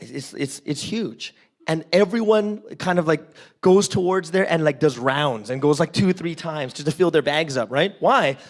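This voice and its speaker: At a normal speed and fairly high pitch, a man from Canada preaches interactively during a church service. Telling stories with enthusiasm and acting out small voices, he puts questions to the congregation and keeps checking in by saying "right?".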